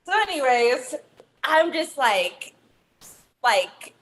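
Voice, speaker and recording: Podcast co-host, woman, high and lively, laughs through her stories. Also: drawn-out words, a little hiss or hum, poor audio. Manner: animated storyteller, laughs often. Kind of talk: casual chat.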